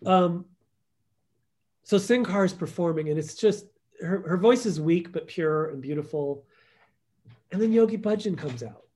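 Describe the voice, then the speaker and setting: A man telling stories as a guest in a conversational interview, acting out quotes and trailing off softly. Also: high voice, expressive, unhurried, long pauses.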